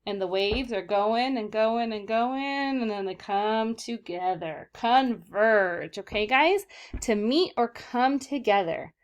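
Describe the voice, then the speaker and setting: A woman's voice: on the high side, takes it slowly, clean tone. Young woman teacher, patient and encouraging, leads children through vocabulary words in a video lesson. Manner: encouraging, repeats and checks in with "okay, guys?". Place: southern California.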